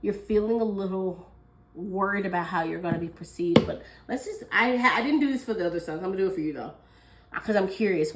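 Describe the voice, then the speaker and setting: A woman's voice: lowish voice, background noise. A woman giving a casual tarot reading, chatty and thinking aloud, with fillers and frequent small laughs. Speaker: tarot reader.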